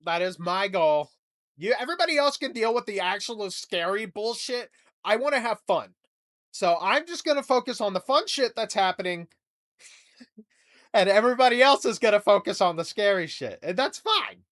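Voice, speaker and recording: A man's voice: high-pitched, expressive, moderate pace, a bit bright. A young man hosting a comedy podcast, rambling through a profane, jokey monologue. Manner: rambling, profane, jokey rants with mock voices.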